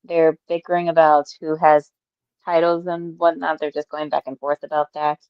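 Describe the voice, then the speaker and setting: Low-voiced woman recapping wrestling, lo-fi. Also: level tone, normal speed, smooth, no echo. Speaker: wrestling show co-host. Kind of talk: casual review chat. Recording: dull, lo-fi voice.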